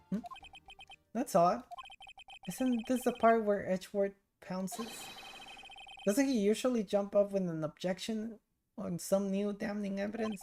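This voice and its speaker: A woman's voice: mid-range voice, steady tone, measured pace, creaky, long pauses, darkish tone, faint music behind. A young woman streaming a game, chatting and joking about what happens. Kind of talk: casual game commentary.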